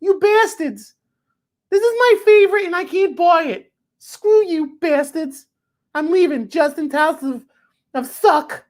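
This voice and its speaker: A man putting on a high, shrill voice of his angry middle-aged mother, ranting and swearing. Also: a little slow. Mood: outraged ranting. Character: furious shrieking middle-aged mother, cursing.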